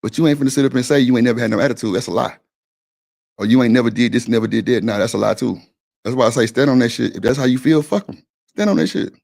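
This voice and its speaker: A man's voice: medium pitch, quick pace, creaky, darkish tone. A man hosting a live-stream panel, arguing his point in a blunt, profane, insistent way. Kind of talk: heated casual argument.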